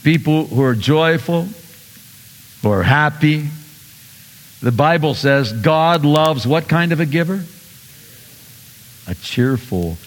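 A man's voice: fairly high pitch, slow pace, long pauses. Man preaching in a reverberant hall. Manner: animated preaching with sudden loud bursts and soft asides. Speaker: pastor. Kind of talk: sermon.

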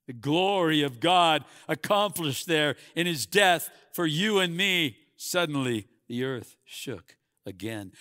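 Male preacher, sermon, bright forceful tone, hushed then emphatic, dry close sound. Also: mid-range voice, no room sound. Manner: dynamic, swings from hushed to loud and emphatic.

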